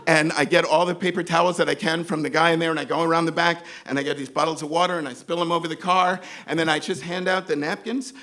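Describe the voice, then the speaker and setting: Man, comic storyteller, gravelly, slightly high voice, animated, acts out voices. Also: fast, hardly any pauses. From New York. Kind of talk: live comedic storytelling.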